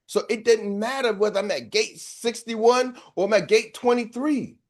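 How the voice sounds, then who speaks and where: High-voiced man preaching motivation. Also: normal speed. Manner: preachy, storytelling, calls out to the audience. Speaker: sales coach. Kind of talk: motivational speech.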